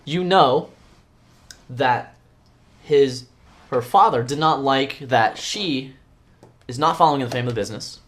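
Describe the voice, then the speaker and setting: A man narrating as game master, relaxed and a little hesitant, pausing on fillers. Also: mid-range voice.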